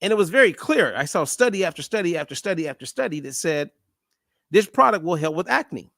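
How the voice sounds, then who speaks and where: Animated man telling a story. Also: high voice, brisk, gravelly, no echo. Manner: animated storyteller, acts out dialogue. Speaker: host. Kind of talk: casual monologue to viewers.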